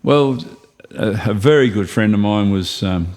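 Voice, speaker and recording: Aussie bloke, low voice, chatty guest who rambles and chuckles through stories. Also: male voice, a little slow, a little mellow. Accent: Australian. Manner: rambling anecdotes, chuckling while telling. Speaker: guest, racing driver. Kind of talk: casual storytelling chat.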